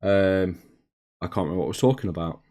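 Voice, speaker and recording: A man with a slightly low voice talks casually on a live stream. He answers viewers by name, calls them mate and drops the odd swear. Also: fast talker, mellow. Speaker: streamer reading chat. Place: home hobby room.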